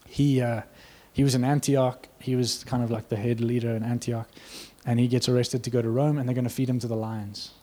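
Animated man preaching a sermon. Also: medium pitch, fairly quick, hardly any pauses. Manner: animated storytelling, acts out quotes, laughs.

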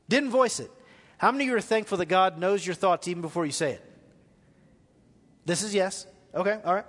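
A man's voice: sits high, fairly bright tone, big-room sound. A man preaching a live sermon as pastor, asking the congregation questions as he goes. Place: church hall.

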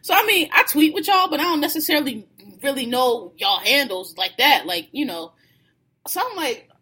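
A woman tells a story in a loose, casual chat. Her voice sits high and swings wide, and she acts out every quoted line with a laugh close behind. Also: expressive, fairly quick, pushed and bright.

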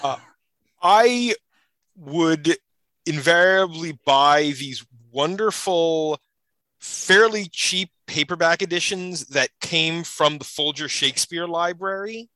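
A man's voice: on the high side, takes it slowly, sharp tone, no room sound, rough recording. A man hosting a casual interview, chatty and wry. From United States.

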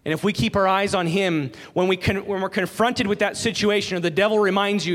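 High-voiced preacher in a reverberant hall. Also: male voice, fairly even intonation, a little fast, fairly bright tone. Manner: earnest, emphatic preaching with repeated phrases. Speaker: pastor. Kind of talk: sermon.

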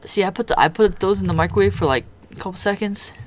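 A man's voice: high voice, fast. A man co-hosting a podcast in casual chat, playful and stubborn, swearing now and then. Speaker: podcast co-host.

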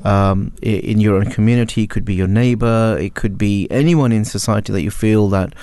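A man on a panel speaks in a measured, philosophical way. His voice is low with a gravelly edge. The recording is dry and close. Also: mellow, no room sound. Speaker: panel guest. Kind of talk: panel discussion.

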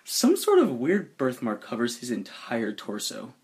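A man narrating a tabletop role-play story, playful and animated, often laughing. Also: mid-range voice, unhurried, few pauses, husky. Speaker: game master narrating a story.

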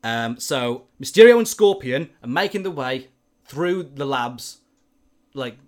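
A man's voice: medium pitch, lively intonation, unhurried. A man animatedly telling a story in casual chat, with lots of filler words.

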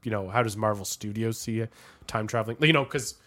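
A man co-hosting a podcast, talking in an excitable way with many fillers and restarts. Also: fairly low pitch, fast talker. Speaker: podcast co-host. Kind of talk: casual chat.

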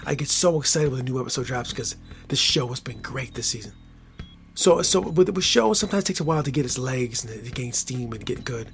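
A man hosting his own podcast, talking casually in a rambling, repetitive, playful way that swings from hushed to excited. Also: mid-range voice, fairly quick, soft background music. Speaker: podcast host. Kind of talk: casual solo podcast monologue.

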